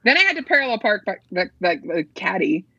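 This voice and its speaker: A woman telling a story in casual chat, animated and laughing often. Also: medium pitch, quick pace, breathy edge, dry recording, muffled recording.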